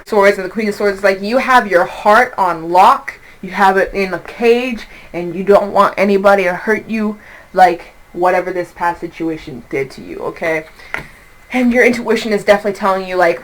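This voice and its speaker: Animated, cursing young woman reading tarot. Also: mid-range voice, normal speed, poor audio. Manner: animated, profane, acts out quoted voices. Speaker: tarot reader.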